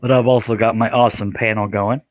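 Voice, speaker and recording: A man's voice: fairly low pitch, level tone, quick pace, narrow, tinny audio. A man hosting a casual woodworking live stream, joking and bantering in a folksy way.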